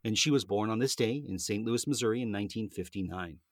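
A man's voice: lowish voice, fast, no echo, studio quality. A middle-aged man co-hosting a show, reading celebrity birthday notes in a friendly, chatty way with personal asides. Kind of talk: scripted entertainment segment with banter.

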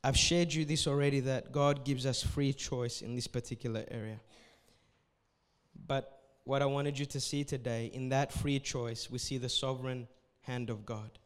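A man's voice: mid-range voice, fairly even intonation, moderate pace, clear, resonant tone, big-room sound. A man preaching as pastor at a church service, giving earnest, repetitive exhortations and closing with a prayer.

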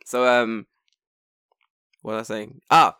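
A man co-hosting a casual podcast, telling stories with lots of swearing and leaping into high mock voices when he quotes himself. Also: fairly even intonation, takes it slowly, sharp tone, clear, resonant tone, dry recording, studio quality. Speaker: podcast co-host. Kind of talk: casual chat.

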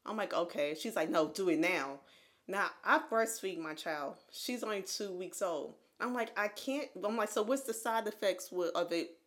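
A woman's voice: lowish voice, moderate pace. A woman in her thirties co-hosting a casual podcast. She tells her story with energy and voices the people in it as she goes. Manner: animated, acts out quotes of others. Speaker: podcast co-host.

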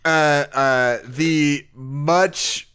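A man's voice: mid-range voice, extremely slow, fairly bright tone, clear, resonant tone. A man co-hosting a podcast in casual chat, rambling and laughing often. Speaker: podcast co-host.

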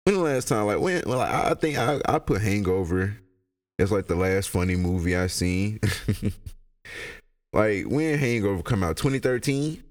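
A young man, high and rambling through a casual, profane solo podcast rant. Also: normal speed. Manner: rambling, profane, laughs a lot. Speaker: podcast host.

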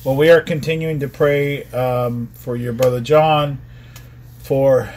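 A man in his fifties hosting a casual live Bible study podcast, talking in a relaxed, rambling way with lots of ums, recorded on a phone. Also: medium pitch, slow. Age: 50s. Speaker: podcast host, ministry leader.

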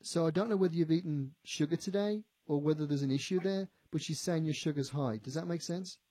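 A man working as a psychic medium on the radio, animated, often repeating himself and quoting what a spirit tells him. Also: on the high side, brisk, dry recording. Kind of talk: on-air psychic reading. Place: radio studio.

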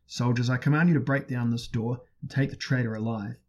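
A man voicing a ruthless sorcerer prince who hurls loud, menacing threats, in a husky voice. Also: medium pitch, steady tone, a little fast, lo-fi sound, natural voice.

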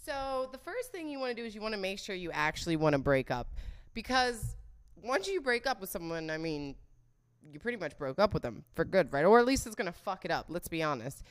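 Young woman vlogging, smooth clear voice, mid pitch, crude jokey rambling. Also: sing-song, brisk. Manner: blunt, crude, joking, swears a lot. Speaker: solo vlogger. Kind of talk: casual monologue.

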